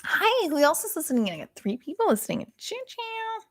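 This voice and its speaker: A woman in her thirties doing casual, profane stand-up on a livestream, rambling with many fillers and often talking quietly. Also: very high voice, very animated, a little fast. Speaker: stand-up comedian.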